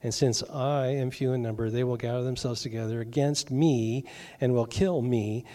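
A middle-aged man preaching a sermon at a middle pitch. He talks in an easy, conversational way, drops in joking asides, and briefly acts out the voices he quotes. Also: fairly even intonation, moderate pace, dark tone. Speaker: pastor.

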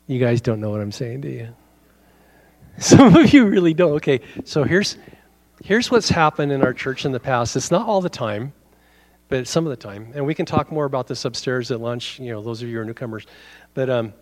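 A man preaching a sermon to his congregation, animated and conversational, with quick asides and chuckles between points. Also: mid-range voice. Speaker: pastor.

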